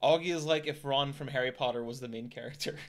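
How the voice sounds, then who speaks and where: A man co-hosting a stream, making sarcastic, profane jabs at a book being read. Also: medium pitch. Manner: sarcastic, swears, quick jabs. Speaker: co-host. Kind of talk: casual joking commentary.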